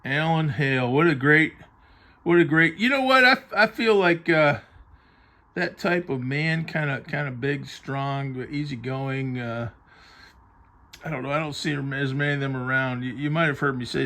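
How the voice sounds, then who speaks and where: A man's voice: medium pitch, normal speed, sharp tone. A man reviewing a book on vintage TV in casual commentary, chatty and musing aloud as his thoughts drift. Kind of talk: casual commentary while paging through a book.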